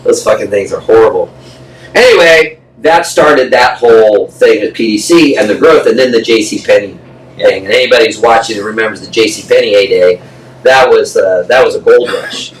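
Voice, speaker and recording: A man with a fairly low voice spins a blunt, profane yarn as a podcast guest, slipping into the voices of the people he quotes. He sits back from the microphone in a roomy, echoing space with a faint hiss of background noise. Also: moderate pace. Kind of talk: casual storytelling interview. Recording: echoey room, distant mic, faint noise.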